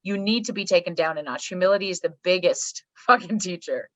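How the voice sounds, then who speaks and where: A middle-aged woman, a psychologist guest, talking candidly in a blunt, profane, animated storytelling manner. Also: lowish voice, fairly quick, no echo. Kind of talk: candid podcast conversation. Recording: slightly muffled dry recording.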